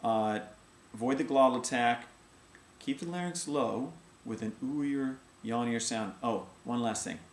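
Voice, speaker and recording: Middle-aged guy voice teacher explaining singing stuff, mid-pitched, roomy echo, bit of hiss behind. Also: measured pace. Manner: demonstrates sung vowels and sounds between explanations. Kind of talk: casual video voice lesson. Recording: echoey room with faint ambient noise.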